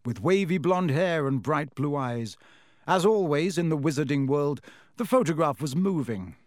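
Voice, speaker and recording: Brief: male audiobook narrator, steady storytelling, slightly high, dry studio sound. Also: no room sound.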